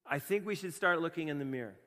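A Canadian pastor preaching with passion, moving between hushed, quiet stretches and emphatic, fired-up bursts. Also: male voice, on the high side, fast talker, long reverb tail. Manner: impassioned, swings from hushed to emphatic. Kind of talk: sermon.

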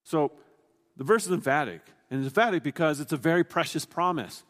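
A man's voice: on the high side, expressive, a little fast, a bit bright, long reverb tail. A man preaching a sermon, explaining a scripture passage in an earnest, teaching way, often restarting his sentences.

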